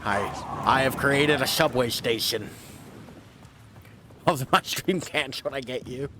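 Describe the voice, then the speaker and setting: A man's voice: mid-range voice, unhurried, sharp tone, a little hiss or hum. A man streaming a video game, chatting casually to viewers, rambling and self-deprecating with casual swearing. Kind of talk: casual let's-play commentary.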